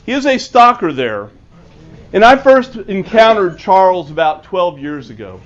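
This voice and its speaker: An author gives a storytelling talk to a club, earnest and acting out the quoted dialogue. His high voice is sing-song with a measured pace, in a dull lo-fi recording.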